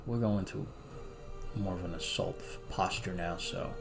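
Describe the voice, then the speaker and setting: A man's voice: low-pitched, unhurried, vocal fry, over music. A man giving casual commentary while playing a strategy game, thinking aloud and muttering to himself.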